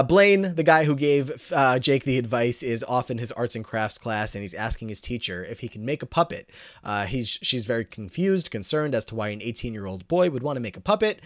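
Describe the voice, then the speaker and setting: A man's voice: mid-range voice, no room sound, studio quality. A man co-hosting a podcast, recapping a TV episode in a rambling, filler-heavy way. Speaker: podcast co-host.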